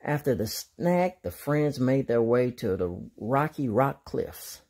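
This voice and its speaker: A man's voice: mid-range voice, takes it slowly. A man reading a children's picture book aloud as a storytime reader. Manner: expressive storyteller.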